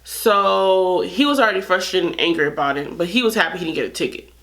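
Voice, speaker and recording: A woman's voice: on the low side, fast, fairly bright tone. Earnest woman vlogger telling a story. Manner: earnest, frustrated, restarts sentences often. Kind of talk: casual storytelling to camera.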